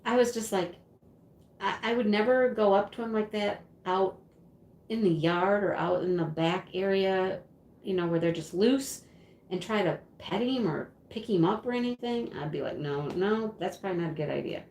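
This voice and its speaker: A woman's voice: medium pitch, moderate pace, a little mellow. A middle-aged woman hosting a casual livestream, telling a story with frequent laughs and fillers. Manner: chatty, laughs often, many fillers. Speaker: craft channel host. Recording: echoey room.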